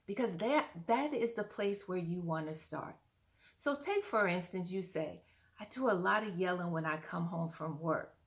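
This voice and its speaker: A woman parent coach gives direct-to-camera parenting advice, speaking straight to the viewer in an earnest, coaching manner and asking the listener questions. Her voice is on the low side, with lively intonation and a moderate pace.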